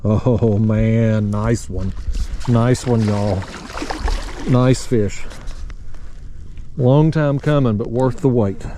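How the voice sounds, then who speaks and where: Folksy man, mellow voice. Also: on the low side, very slow, long pauses, slight background noise. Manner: folksy, drawling, talks to viewers as "y'all" and "buddy". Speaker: fishing vlogger. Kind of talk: casual narration to camera while fishing. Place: outdoors on a kayak on a river.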